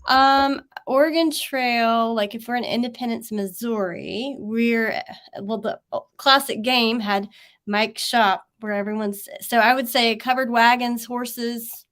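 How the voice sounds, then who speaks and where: A woman's voice: a little high, a little slow, a bit bright. A woman with a Southern US accent hosting a webinar over a video call, chatty and laughing often, with many fillers. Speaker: webinar host and teacher. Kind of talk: casual chat.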